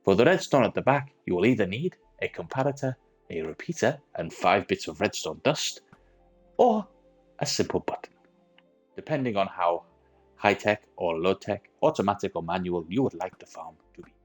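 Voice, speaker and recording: A man narrates a game tutorial, laying out each part in methodical order. His voice sits on the low side yet swings widely in pitch, and his put-on accent drifts as he goes. Soft music plays faintly behind him. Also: sing-song, normal speed. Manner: methodical step-by-step explaining; self-admittedly wandering put-on accent. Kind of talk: tutorial voice-over.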